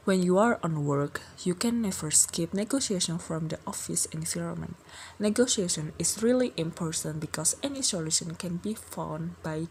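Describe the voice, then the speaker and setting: A young woman acting as a company department head in a scripted role-play, giving a measured training presentation and reading example phrases as a list. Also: fairly low pitch, darkish tone, a little hiss or hum. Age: young adult.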